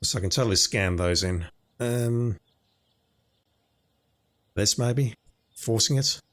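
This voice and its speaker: A man's voice: fairly low pitch, slow pace, fairly bright tone. A man giving casual commentary while playing a video game, thinking aloud as he goes. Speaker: let's play commentator.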